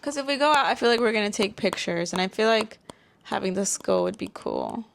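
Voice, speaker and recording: Gravelly, playful young woman co-host. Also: medium pitch, animated. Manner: playful, teasing, quick asides. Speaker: podcast co-host. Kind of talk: casual chat.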